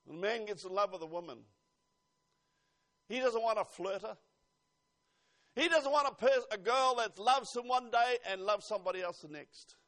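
A male preacher with a notably high voice delivers a fervent sermon. He presses his points with loud, urgent appeals and then drops into quiet, confiding asides. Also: animated, moderate pace, pauses often. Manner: fervent, swings between loud exhortation and hushed asides.

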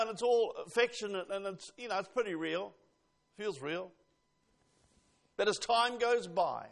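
An older man delivers an earnest sermon, pausing often and lifting his emphasis up and down. His voice sits fairly high and carries a gravelly edge. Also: a bit bright. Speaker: preacher. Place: church.

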